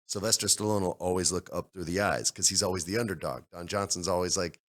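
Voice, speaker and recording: A man's voice: sits low, quick pace. A man co-hosting a casual studio podcast, talking emphatically and breaking down how actors play their scenes. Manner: animated, emphatic, breaks down acting choices. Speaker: podcast co-host. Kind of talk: casual chat.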